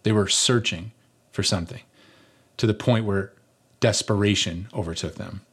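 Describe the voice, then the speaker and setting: A middle-aged man preaching, telling a personal story in a conversational, animated way with rhetorical questions. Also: on the low side, moderate pace, breathy edge. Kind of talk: sermon storytelling.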